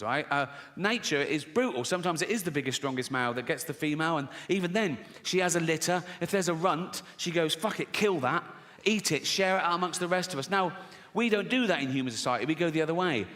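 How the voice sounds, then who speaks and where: On a large theatre stage, a middle-aged English stand-up comedian rants at the crowd, brash and sweary. His voice is on the high side and a bit bright, and the live hall reverb carries audience noise.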